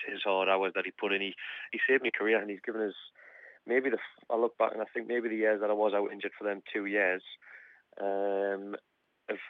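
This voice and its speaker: A man's voice: on the low side, dry recording. A man, a footballer chatting casually as a guest, calling everyone mate. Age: 30s. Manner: chatty, says mate a lot. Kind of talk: casual phone interview. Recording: dull lo-fi phone line.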